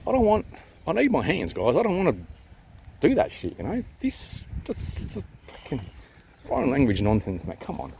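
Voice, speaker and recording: An Australian man vlogging outdoors on a handheld camera, ranting in a swearing, repetitive way. His pitch swings widely as he goes from loud to hushed. Faint outdoor noise sits behind him. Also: wildly swooping pitch, normal speed, gravelly. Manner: agitated, swearing, repeats himself, jumps between loud and hushed. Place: outdoors near a town. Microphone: handheld camera at arm's length.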